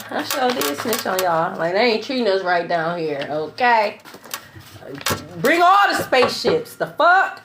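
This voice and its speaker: A woman's voice: mid-range voice, sing-song, normal speed, noisy background. A young woman tarot reader ranting in a blunt, profane, repetitive monologue. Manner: blunt, profane, repeats herself.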